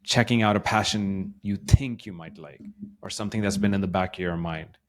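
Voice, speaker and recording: A man's voice: low-pitched, fairly quick. A man co-hosting a podcast who works as a coach, giving encouraging, motivational advice in a casual conversation. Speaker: podcast co-host and life coach.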